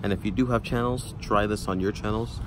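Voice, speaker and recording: Young dude rambling on his vlog, kinda low voice, cars going by. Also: steady tone, brisk. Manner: rambling, filler-heavy. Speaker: YouTuber. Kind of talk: casual vlog talk. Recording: outdoor traffic noise.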